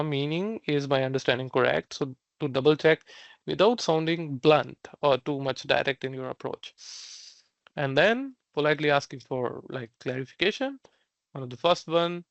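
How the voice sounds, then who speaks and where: A man with a slightly raised voice teaches an online Mandarin lesson. He repeats each phrase slowly and fills his explanations with "uh" and "like". The sound is dry and a bit dull. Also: fairly high pitch, animated, creaky, dry recording. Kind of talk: online language class.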